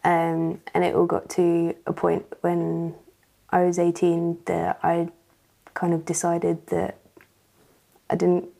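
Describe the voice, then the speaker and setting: A woman's voice: fairly low pitch, completely flat delivery, takes it slowly, creaky, mellow. A woman sharing her personal testimony as a church guest, talking hesitantly with many fillers.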